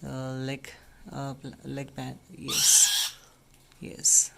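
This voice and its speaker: A man, a bird rescuer, speaking softly and soothingly to an injured baby bird while explaining its care. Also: mid-range voice, fairly even intonation, slow pace. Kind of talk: casual vlog narration. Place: at home, indoors. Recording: noisy home recording.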